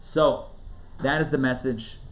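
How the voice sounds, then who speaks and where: A man, a rabbi, giving a live Torah class in a conversational, emphatic way, swinging between booming lines and hushed ones. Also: steady tone. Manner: conversational, quick asides and restarts.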